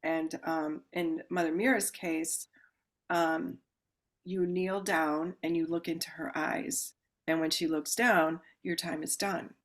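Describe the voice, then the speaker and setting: A woman with a slightly low voice, talking casually as a podcast guest. She tells her story with lively swings, acting out what people said and breaking into loud cries, then settles into a calmer explaining tone. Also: takes it slowly. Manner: animated, acts out quoted voices with sudden loud exclamations; calm explaining voice when describing the ritual.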